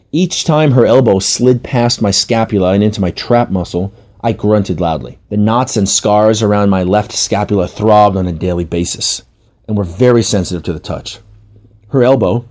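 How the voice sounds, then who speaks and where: A man's voice: on the low side, warm tone. A man narrating a comic personal story in a wry, self-mocking way.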